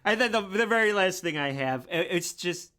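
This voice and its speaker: A man's voice: high voice, expressive, moderate pace, pushed and bright. A man co-hosting a podcast who reacts to radio clips with laughter and disbelief in casual chat. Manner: incredulous, laughing often. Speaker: podcast co-host.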